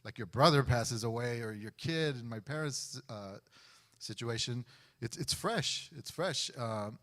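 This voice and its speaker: A man's voice: medium pitch, animated, measured pace, a bit bright. Male guest, mid-range voice, conversational church testimony with re-enacted quotes. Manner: conversational, acts out other people's words. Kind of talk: personal storytelling on a church stage. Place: church sanctuary before a congregation.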